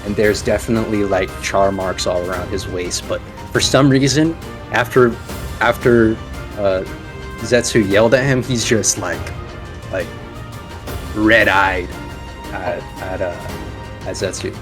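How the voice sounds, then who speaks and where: A man narrating as game master of a tabletop game, halting with many fillers and restarts. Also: fairly low pitch, steady tone, music in the background.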